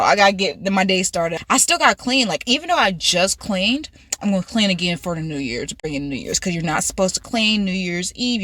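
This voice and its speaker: A woman's voice: lowish voice, no echo. A young woman vlogger telling a funny story in a casual, giggly way. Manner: giggly, animated, laughs through the story. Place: car.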